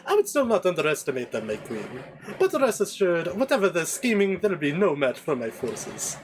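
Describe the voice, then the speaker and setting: A man's voice: on the high side, wildly swooping pitch, normal speed, noisy background. A man playing a pompous, fawning servant. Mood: obsequious. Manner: pompous, obsequious. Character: fussy male servant, pompous and flattering.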